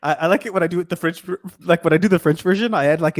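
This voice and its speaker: A man's voice: on the high side, very fast, no echo, clean studio sound. A man co-hosting a live show in casual, playful banter, joking and laughing often. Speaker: co-host.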